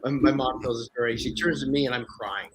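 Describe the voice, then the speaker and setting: A man from Canada tells stories as a guest in a casual interview, his voice at an everyday middle pitch. He talks in an animated, profane way. A faint noise sits behind him. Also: a little fast, rough recording. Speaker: actor guest.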